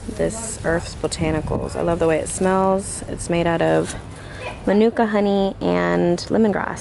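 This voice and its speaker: A woman's voice: lowish voice, creaky, noisy background. A woman chatting to the camera as she drives and explores on a travel vlog, upbeat and self-narrating. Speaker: travel vlogger. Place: car and outdoors. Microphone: camera on dash and handheld.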